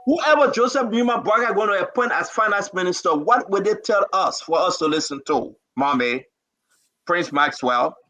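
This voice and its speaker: A man hosts a political talk show with a very high, sharp, forceful voice. He pleads and scolds in fervent, rapid repetitions. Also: lively intonation. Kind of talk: impassioned political commentary.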